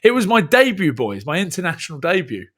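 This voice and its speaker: A man co-hosting a casual sports podcast, telling stories in an animated way and laughing often. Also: a little high, fast. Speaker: podcast co-host and rugby commentator.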